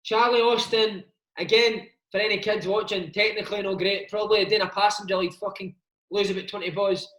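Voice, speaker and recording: High-voiced Scottish man swearing through anecdotes. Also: fairly even intonation, a little fast, a bit bright. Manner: swears freely, calls listener mate. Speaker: former footballer, interview guest. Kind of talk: casual anecdotal chat. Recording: roomy echo.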